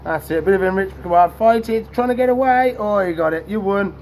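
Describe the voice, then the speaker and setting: Indoors among reptile tanks, a male reptile keeper hosts a feeding vlog for his channel, chatting away and coaxing the animals in a sing-song voice. His voice is high-pitched, fast and darkish, with a little hiss or hum in the recording.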